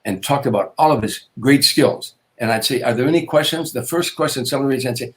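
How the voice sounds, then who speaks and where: An older man, a comedian, telling anecdotes in an interview, with repetitions and quick restarts. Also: mid-range voice. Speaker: guest comedian. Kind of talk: storytelling interview.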